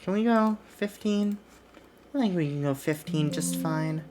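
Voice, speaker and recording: A woman streamer chats casually as she plays a wrestling booking game. Her voice sits low, and she swears offhandedly. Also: measured pace, background noise.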